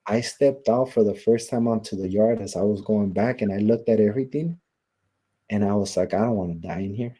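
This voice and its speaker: A man with a low, very dark and mellow voice tells his own story in an interview. He talks casually, acting out old conversations and leaning on "you know" and "like". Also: moderate pace. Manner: casual, storytelling with many quoted exchanges and fillers. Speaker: interview guest.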